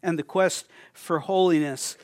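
A man's voice: fairly high pitch, fairly even intonation, a little slow, no echo, studio quality, close to an everyday voice. A man doing an earnest young seeker.

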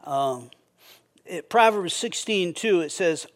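Male pastor, high voice, relaxed sermon, stammering restarts, acts out prayers. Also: takes it slowly. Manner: conversational, repeats words when starting sentences; acts out quoted prayers with a raised voice.

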